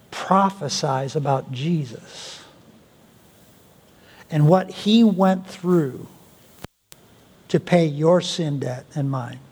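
A male pastor preaching a sermon, with deliberate pauses and an emphatic delivery. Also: on the high side, darkish tone, slightly rough. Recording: long hall reverb.

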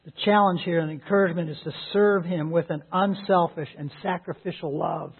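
A man preaching an Easter sermon, emphatic and animated, who laughs as he retells stories. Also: fairly high pitch, brisk, breathy edge. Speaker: pastor. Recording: phone-like lo-fi sound.

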